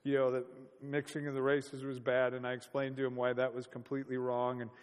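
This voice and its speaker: A man's voice: mid-range voice, monotone, brisk, smooth, long reverb tail. A man preaching a sermon in a conversational, storytelling way, full of rhetorical questions.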